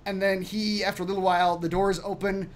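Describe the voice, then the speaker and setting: A man narrating a tabletop game as game master, relaxed, with frequent fillers and laughs. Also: high voice, fast.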